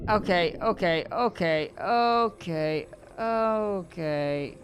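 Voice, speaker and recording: Brief: excitable male game streamer, pitch jumps all over as he curses at the game, noisy stream audio. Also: measured pace. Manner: excitable, swears and yells at the game. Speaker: live streamer. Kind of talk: live gameplay commentary.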